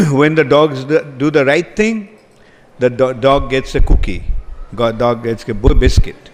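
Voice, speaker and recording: In a hall with long reverb and faint ambience, a man preaches as a spiritual teacher, slowly posing questions to the people listening. His voice is mid-range, with a bit of hiss or hum on the track.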